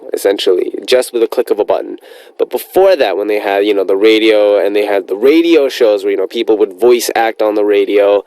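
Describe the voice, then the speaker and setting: A man's voice: fairly low pitch, a little mellow, no echo, poor audio. Chatty upbeat male radio DJ, dry studio. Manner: chatty, upbeat, rambling with many fillers. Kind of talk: radio show chat reading listener messages.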